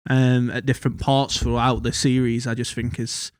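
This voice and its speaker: A man of middle pitch talks casually about a series, rambling with many fillers and restarts. The recording is dry and close. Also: level tone, moderate pace, clean tone, no room sound. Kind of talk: casual chat.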